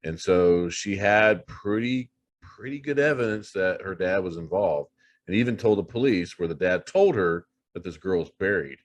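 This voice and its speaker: Man, very low voice, paranormal investigator guest, animated storyteller, swears and repeats himself. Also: normal speed. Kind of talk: casual storytelling.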